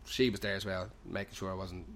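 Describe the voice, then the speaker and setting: There's a little hiss or hum behind this deep, somewhat bright male voice, delivered flatly and fairly quickly. The young Irishman hosts a podcast from a pub, using Dublin slang and heavy profanity in a loose, run-on comic anecdote.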